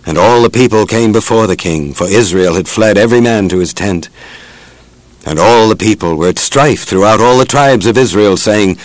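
A low-voiced man reads scripture in a measured and reverent way. The recording is dry and close to the mic, with no room sound. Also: no room sound, rough recording. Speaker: narrator. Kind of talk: solemn scripture reading.

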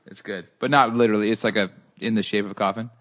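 A man co-hosting a casual food podcast, talking in a halting, rambling way. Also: fairly low pitch, steady tone, a bit bright. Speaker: podcast co-host. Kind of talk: casual chat.

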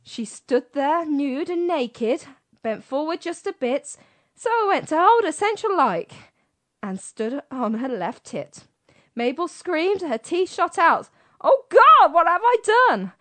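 A woman's voice: sits high, sing-song, slow pace, a bit bright. A British woman co-hosting a radio show, teasing and hurrying her co-host in casual banter.

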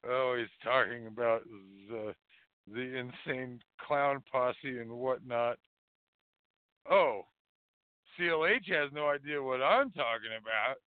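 A man's voice: medium pitch, slow, clear, resonant tone, no echo. A man hosting a call-in show, rambling casually with profane, mocking jokes. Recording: phone-like dry lo-fi audio.

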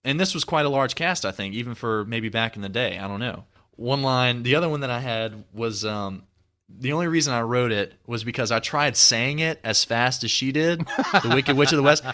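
Bright-voiced young man musing casually. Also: medium pitch, normal speed. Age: 20s. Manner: rambling, reflective, many restarts. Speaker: podcast host. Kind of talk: casual chat.

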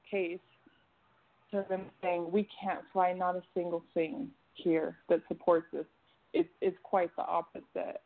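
A woman caller giving an earnest, emotional religious testimony, with halting restarts. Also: fairly low pitch, gravelly. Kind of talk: religious testimony on a phone prayer line. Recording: tinny phone line.

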